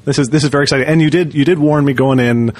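A man's voice: medium pitch, steady tone, very fast. Man hosting with wry banter. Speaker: podcast host. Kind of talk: casual chat.

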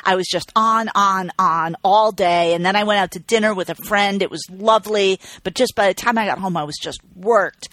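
Animated, swearing woman podcaster, dry sound. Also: mid-range voice, moderate pace, few pauses, no room sound. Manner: animated, profane storyteller who vents with laughs. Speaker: podcast co-host. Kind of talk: casual podcast chat.

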